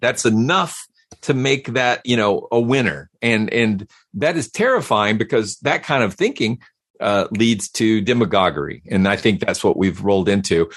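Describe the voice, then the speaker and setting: A man talking casually as a podcast guest, animated and given to repeating words as he starts a thought. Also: medium pitch, normal speed, dry recording, studio quality. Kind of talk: casual conversation.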